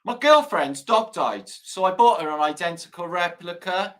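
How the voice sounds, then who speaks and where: A man's voice: sits high, expressive, moderate pace, hardly any pauses. A man hosting a live stream, chatting casually, swearing freely and telling dad jokes. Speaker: livestream host.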